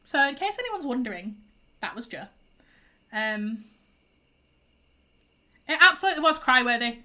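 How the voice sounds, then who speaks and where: A woman's voice: high voice, big pitch swings, normal speed, pushed and bright. A young woman chatting casually while live-streaming a farming game, teary and stuffy-nosed from crying, rambling and reacting aloud as she plays.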